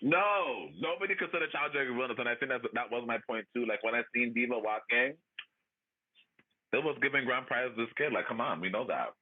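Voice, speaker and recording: A man hosting a livestream, chatting and ranting in a loud, profane, sassy way with frequent laughs. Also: mid-range voice, fairly quick, breathy edge. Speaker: livestream host. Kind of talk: casual chat, ranting. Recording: tinny phone-like audio.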